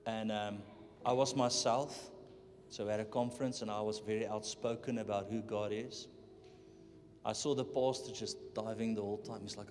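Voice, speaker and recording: Animated preacher in a hall. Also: male voice, fairly low pitch, moderate pace. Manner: animated, acts out voices in his stories, swings from loud to hushed. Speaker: guest preacher. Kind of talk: conference sermon with storytelling. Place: large church hall. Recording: live church hall reverb with music underneath.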